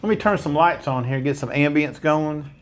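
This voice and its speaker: An older man from East Tennessee with a Southern American accent, hosting a casual live stream from his home studio in a folksy, rambling way. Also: on the high side. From East Tennessee, USA. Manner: folksy, rambling, unhurried asides.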